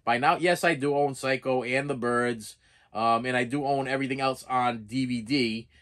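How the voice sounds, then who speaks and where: A collector shows off his purchases in an unboxing vlog, rambling casually in a Boston accent and frequently tripping over his words. His voice is medium-pitched, a bit bright, and his pace is brisk.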